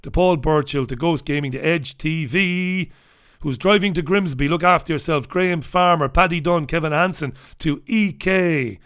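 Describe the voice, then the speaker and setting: Greeting viewers and going through the papers, this middle-aged UK man hosts a casual livestream in an irreverent, sweary way. He speaks at a moderate pace in a slightly high, fairly bright, clean voice.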